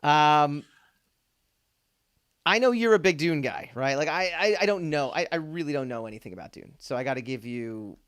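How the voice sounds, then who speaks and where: A man hosting a relaxed pop culture podcast speaks at a normal speed in a fairly high, animated voice that's smooth and a bit bright. His talk wanders, punctuated by laughter, frequent fillers, and restarts.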